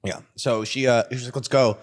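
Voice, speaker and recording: A man's voice: mid-range voice, fairly even intonation, fairly quick. Joking young man telling crude stories. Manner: joking, crude, laughs through his stories. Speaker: podcast guest. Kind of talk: casual storytelling chat.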